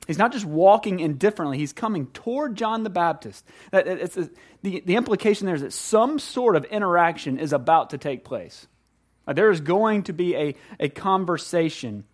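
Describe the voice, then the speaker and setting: A man preaches in a church sanctuary in a conversational, animated way, often restarting his sentences. His voice sits a little high for a man. He moves between quiet prayer and lively storytelling. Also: normal speed. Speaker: pastor. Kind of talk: sermon.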